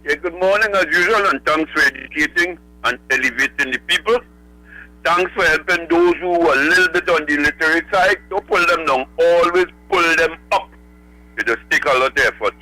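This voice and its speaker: A man calls in to a radio show, working through his thoughts point by point. His voice is high and strikingly bright, with a cutting edge. He rambles as he goes. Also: a little fast, no echo, poor audio. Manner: rambling, lists numbered points. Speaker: caller. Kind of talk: phone-in call.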